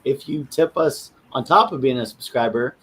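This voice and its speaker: A man's voice: mid-range voice, moderate pace, husky. A man co-hosting a casual chat show, tossing in dry, joking asides. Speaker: co-host.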